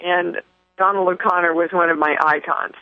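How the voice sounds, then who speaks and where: A woman's voice: fairly low pitch, steady tone, moderate pace, no room sound. Woman rambling on a tinny phone line. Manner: effusive, rambling, frequent fillers and restarts. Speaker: radio show host. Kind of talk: spiritual talk show monologue.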